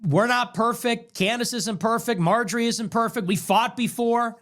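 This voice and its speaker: A man's voice: very high voice, normal speed, a bit bright. A man hosting a livestream, ranting emphatically with heavy repetition, his voice strained after hours on air. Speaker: livestream host. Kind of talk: heated livestream monologue.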